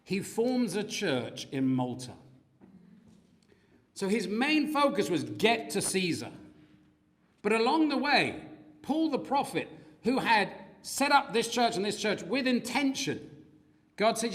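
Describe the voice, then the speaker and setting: Guy preaching in church, kinda high voice, really animated and up-and-down, acts out the quotes. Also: slow pace, long pauses. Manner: animated storytelling with acted quotes. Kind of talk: sermon.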